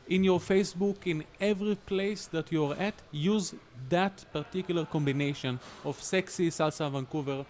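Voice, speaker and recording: A man's voice: on the high side, normal speed, darkish tone, slight background noise. A man on a podcast panel explaining search strategy in an instructive, emphatic way. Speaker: SEO panelist. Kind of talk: casual podcast discussion.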